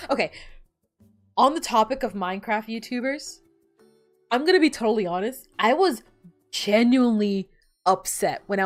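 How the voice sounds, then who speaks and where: A young woman streaming a game, chatting casually, laughing often and swearing as she tells stories. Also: a little high. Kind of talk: casual gameplay chat. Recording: faint background music.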